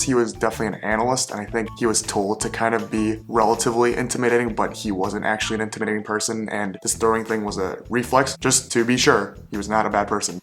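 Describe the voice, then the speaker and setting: A man's voice: fairly low pitch, fairly bright tone. A young man in his twenties, a vlogger telling self-deprecating career anecdotes in a casual way. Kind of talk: casual storytelling.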